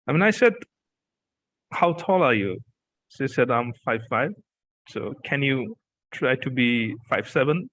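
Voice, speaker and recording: A male host talks in a lively, chatty way, laughing easily and filling gaps with "yeah" and "okay". His mid-pitched voice sounds dry and close, with no room around it. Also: normal speed, no echo, poor audio. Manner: animated, laughs often, repeats "yeah" and "okay". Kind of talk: interview, casual chat.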